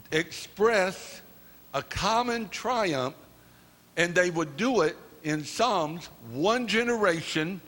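A man preaching with fervor, his voice set high and bright. He speaks slowly and repeats phrases, rising at times into shouts. The sound rings with long reverb from a large church hall. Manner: fervent, repetitive preaching that swells into shouting. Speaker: pastor. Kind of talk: sermon. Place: church sanctuary.

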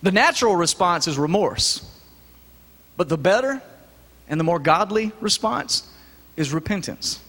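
A man preaching a sermon in a church, lively and folksy, joking with the congregation. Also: high-pitched, a little slow, pauses often. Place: church sanctuary. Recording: echoey church hall.

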